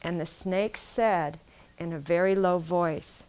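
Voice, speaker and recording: A woman's voice: fairly low pitch, takes it slowly, a little mellow, clear, resonant tone. Woman telling a story aloud. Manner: asks the listeners questions, repeats phrases. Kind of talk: oral storytelling to a live audience.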